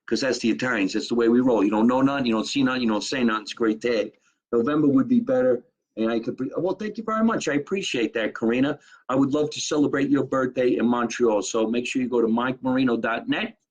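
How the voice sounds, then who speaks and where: A man's voice: mid-range voice, fast, breathy edge, rough recording. A middle-aged comedian from Jersey City, wisecracking brashly as he hosts a live stream from his apartment kitchen and reads out viewer comments. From Jersey City, New Jersey. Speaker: comedian hosting a live show.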